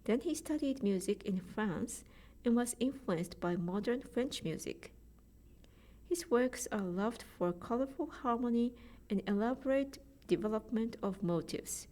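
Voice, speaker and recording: Japanese-accented woman presenter, mid-pitched, measured and careful delivery. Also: mellow. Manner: careful, measured explanations with spoken pronunciation examples. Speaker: choral music presenter. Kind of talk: prepared presentation.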